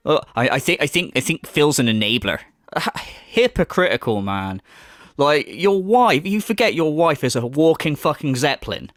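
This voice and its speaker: Male commentator, higher voice that swings all over, crude and mocking, dry close sound. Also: expressive, normal speed, a bit bright, no echo. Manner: crude, mocking, laughs between jabs. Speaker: commentary YouTuber. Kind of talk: ranting commentary.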